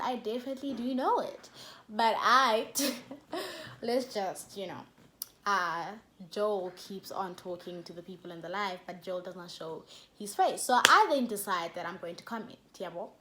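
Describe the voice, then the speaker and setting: A young woman with a South African accent tells a story to her camera in a casual, chatty way. Her voice sits at an ordinary middle pitch. A faint hiss of noise runs under it. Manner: chatty and animated, with laughs and code-switching. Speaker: YouTuber.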